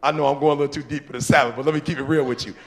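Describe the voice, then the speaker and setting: A man's voice: a little high, fairly even intonation, racing, a bit bright. A man leading a church talk on marriage and leadership. He speaks to the men in the audience directly, repeats his phrases for emphasis and laughs between points. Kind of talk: informal preaching talk with audience questions.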